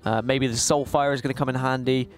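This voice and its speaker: A man with a West Country accent giving jokey, animated live commentary on a card game tournament. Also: mid-range voice, fast, faint music behind. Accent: West Country English. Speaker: esports caster.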